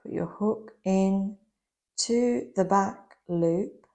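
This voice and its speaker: This crochet instructor has a mellow, mid-range voice with vocal fry and a slightly worn quality, as if it is going a bit. She teaches step by step, slowly and patiently.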